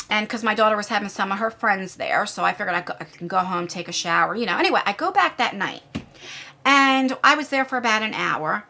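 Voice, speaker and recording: A woman's voice: mid-range voice, creaky, bright, forceful tone. A woman in her forties telling a storytime vlog, rambling and indignant as she retells events. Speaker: YouTuber.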